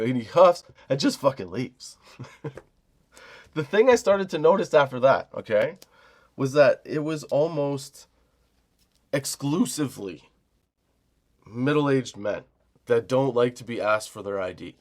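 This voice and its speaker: A man in his forties hosting a comedy podcast, telling a rambling, profane story about a job, laughing often and mimicking the people in it. He says he is high while talking. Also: animated, measured pace, pauses often. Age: 40s. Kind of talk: casual storytelling rant.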